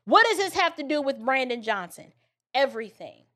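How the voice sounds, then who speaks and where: A woman commentator delivers a heated opinion monologue in a high voice. She lectures and challenges her listeners, piling up rhetorical questions with a preachy, combative edge. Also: big pitch swings, moderate pace, sharp tone. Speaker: political commentator.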